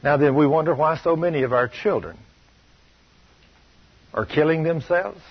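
A man preaching a sermon, telling personal stories in a stern, emphatic way, often dropping to a low, soft tone. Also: moderate pace, slightly rough, dull audio. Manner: stern, emphatic storytelling, shifting loud and soft.

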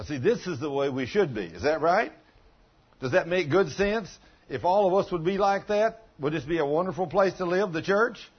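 A man's voice: on the high side, husky, lo-fi sound. A man preaching a sermon as pastor, telling folksy stories and putting questions to the congregation.

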